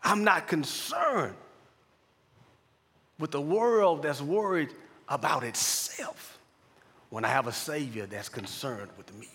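A man preaching a sermon, telling a quiet story from his hospital chaplain work and building to loud, fervent preaching. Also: on the high side, animated, slow pace, long pauses, slightly rough. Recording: long reverb of a large hall.

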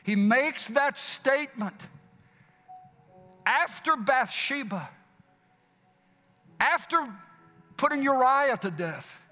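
A man preaching a sermon, repeating phrases for emphasis and swinging from loud exclamations down to hushed whispers. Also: extremely high pitch, lively intonation, takes it slowly, long pauses. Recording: long hall reverb with faint music.

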